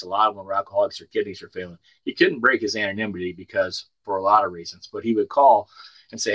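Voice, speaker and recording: A man with a lowish voice speaks at a recovery meeting, sharing his own story in an earnest, storytelling way. He often stumbles over the first word of a thought. The sound is dry and close, with no room echo. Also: fairly bright tone, lo-fi sound. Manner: earnest storytelling, repeats words when starting. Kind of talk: personal testimony talk.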